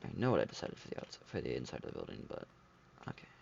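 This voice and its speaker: A man's voice: a bass voice, wildly swooping pitch, very fast, gravelly, darkish tone, lo-fi sound, slight background noise. A man giving casual, rambling commentary while playing a video game, talking half to himself. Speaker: let's play host.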